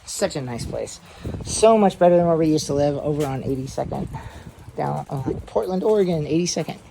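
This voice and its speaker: A woman's voice: sits low, expressive, brisk, vocal fry, warm tone, slight background noise, low-quality recording. A woman vlogging from her new fish room at home, telling a long story in a loose, rambling way with lots of fillers and repeats. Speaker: aquarium hobby vlogger. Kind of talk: casual storytelling vlog.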